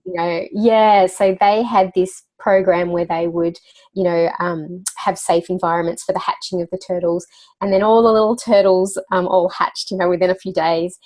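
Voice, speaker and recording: A woman's voice: on the low side, fairly even intonation, moderate pace, darkish tone. Chatty woman telling a story. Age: adult parent. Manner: chatty storyteller, laughs often, many fillers. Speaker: interview guest, children's wellbeing coach. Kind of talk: casual conversational interview.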